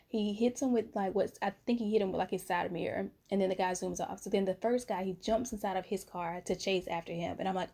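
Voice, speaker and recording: A woman's voice: mid-range voice, quick pace, few pauses. A young adult woman from North Carolina, telling a story in a casual vlog and calling her viewers honey and baby. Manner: chatty, animated, uses pet names like honey and baby. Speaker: vlogger. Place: at home, late at night.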